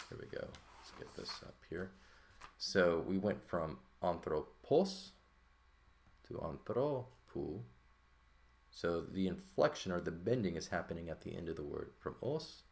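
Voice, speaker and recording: Male Greek tutor with a deep, low voice, relaxed walkthrough style, keeps asking "right?". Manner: explains terms with frequent "right?" check-ins and fillers. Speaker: Greek language teacher. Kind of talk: casual textbook lesson walkthrough.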